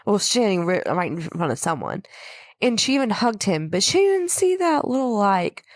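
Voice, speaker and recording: A woman's voice: medium pitch, very animated, moderate pace, dry recording, studio quality. A woman co-hosting a podcast, casually recapping a horror film, laughing often and playfully acting out lines. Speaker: podcast co-host.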